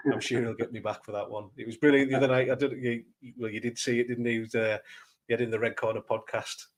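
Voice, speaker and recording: Teasing Welsh podcast host. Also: male voice, medium pitch, flat delivery, fairly quick. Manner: teasing, jokey. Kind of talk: casual podcast chat.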